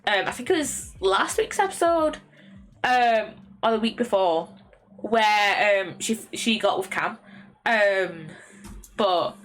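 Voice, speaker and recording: A woman's voice: medium pitch, expressive, slow pace, a bit bright. A young woman with an English accent chatting casually as a streamer, rambling with lots of ums and restarts. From England. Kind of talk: casual chat.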